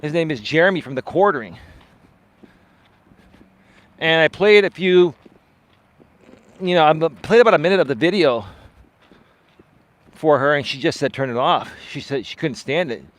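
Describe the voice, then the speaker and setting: A man, a life coach, chatting live with viewers while out on a walk, swinging his pitch up and down and often asking "right?". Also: animated, moderate pace, pauses often. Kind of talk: live-stream chat answering viewer comments. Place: outdoors on a walk.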